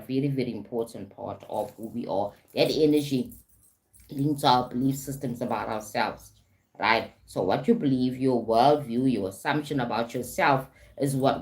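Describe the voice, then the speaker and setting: A woman's voice: very deep voice, darkish tone. A woman with a South African accent, a life coach talking on a live stream, often adding "right?" and "okay?" and greeting viewers.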